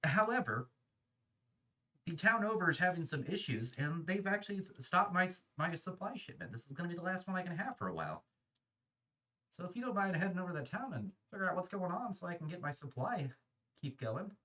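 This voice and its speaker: A man's voice: high voice, very animated, fairly quick, sharp tone, exaggerated voice. A man voicing a friendly talking male cat trader who chats casually about his supply troubles. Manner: chatty, explaining his trouble. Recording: voice a little far from the mic.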